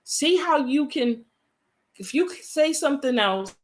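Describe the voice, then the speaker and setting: A woman's voice: sits high, animated, measured pace. A woman vlogger speaking earnestly in a casual, conversational way, repeating her points for emphasis and using folksy phrasing with frequent fillers. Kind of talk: casual talk to camera.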